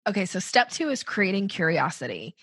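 An upbeat woman explains sales steps on a podcast, her voice lilting up at the ends of sentences. There's some gravel and huskiness in her tone. The sound is close and dry, with little room around it. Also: mid-range voice, very animated, brisk, fairly bright tone, no room sound. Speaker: guest sales coach. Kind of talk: conversational podcast interview.

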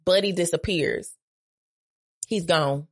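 As a podcast guest, a woman tells a dramatic story with animated profanity, acting out quoted lines with big jumps in her voice. She speaks slowly in a lowish voice.

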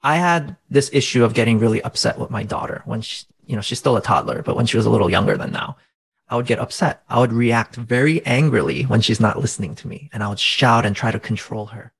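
A man with a gravelly voice talks in an earnest, teacherly way, like a faith-minded coach. He sits at an average pitch and keeps checking in with rhetorical questions. He sounds to be in his thirties. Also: fast talker, low-quality recording. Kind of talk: conversational explaining.

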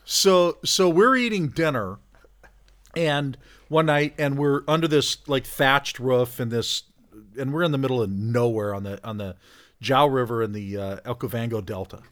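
A man telling a camp story in casual talk, animated, getting louder at the funny parts. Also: mid-range voice, moderate pace. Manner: animated storyteller, rising loud for punchlines. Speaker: podcast guest, hunter.

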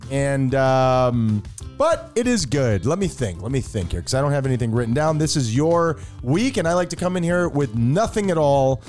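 A man's voice: medium pitch, moderate pace, soft background music. A man co-hosting a podcast, chatting casually and joking crudely while he tells stories. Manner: joking, crude, animated storytelling. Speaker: podcast co-host. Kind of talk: casual comedic chat.

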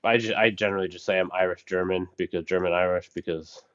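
A man with a low voice talks hesitantly, pausing on fillers as he chats with friends on a stream. His audio is muffled and lo-fi. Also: steady tone, a bit bright, clean tone. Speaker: stream co-host. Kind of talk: casual chat.

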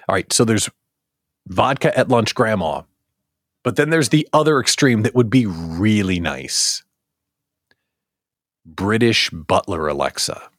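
Guy hosting a livestream show, super lively pitch, jokey, lots of "right?" questions, dry close sound. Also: measured pace, pauses often, no echo. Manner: animated, joking, rhetorical questions. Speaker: host.

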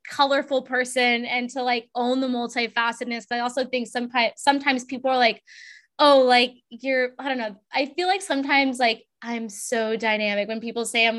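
A young woman with a high, fairly bright voice hosts a podcast. She chats casually in a bubbly, rambling way, leaning heavily on "like."

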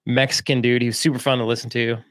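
A man co-hosting a podcast, telling a story in a relaxed, chatty way, with frequent laughs and fillers. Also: medium pitch, no echo, clean studio sound. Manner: laid-back, laughs often, quick bursts with lots of fillers. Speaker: podcast co-host. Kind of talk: casual storytelling chat.

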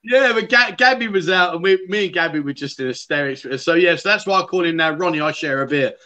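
A man hosts a casual livestream chat show. He tells stories and reads out viewer comments in a bright, forceful voice that sits a little high for a man. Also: fast, muffled recording.

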